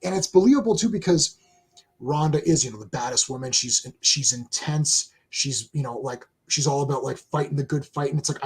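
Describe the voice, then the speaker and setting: A man co-hosting a casual chat show, talking excitedly with many restarts and reading viewer comments aloud. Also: medium pitch, a little fast, husky. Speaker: co-host.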